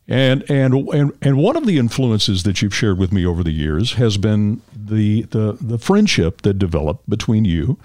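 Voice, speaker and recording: Male host, fairly low voice with a lively, expressive delivery; halting, friendly questions. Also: dry recording, clean studio sound. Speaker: podcast host, interviewer. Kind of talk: interview chat.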